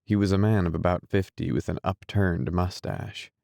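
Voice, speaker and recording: A man narrating a classic novel as an audiobook, in a measured, deliberate reading style. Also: low voice, fairly even intonation, vocal fry, a little mellow, no room sound, studio quality. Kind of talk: scripted narration.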